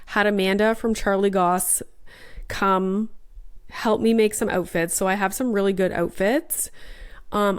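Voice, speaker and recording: Chatty woman in her thirties, host of a mom podcast; bubbly, smooth clear voice, a little stuffy from a sinus infection. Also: medium pitch. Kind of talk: casual chat.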